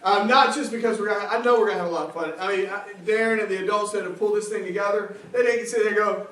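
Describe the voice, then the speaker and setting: A man from South Carolina with a Southern accent preaching, telling funny stories with laughs and loud bursts. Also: high voice, very fast, hardly any pauses. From South Carolina, USA. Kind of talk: comic storytelling sermon. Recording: echoey hall from far off.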